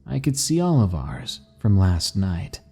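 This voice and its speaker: A man narrating scary stories in a measured, dramatic reading style. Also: low-pitched, sing-song, warm tone, slightly rough, faint music behind. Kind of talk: scripted horror narration.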